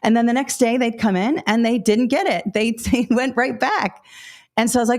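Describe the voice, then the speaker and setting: A woman giving practical advice to new teachers in a webinar, in a lively storytelling way that acts out what she says to students. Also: fairly high pitch, normal speed.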